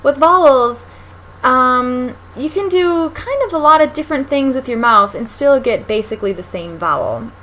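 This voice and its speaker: A woman's voice: high voice, expressive, moderate pace, a bit bright, poor audio. A young woman teaching a recorded linguistics lecture, explaining step by step with frequent ums and restarts. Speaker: linguistics instructor.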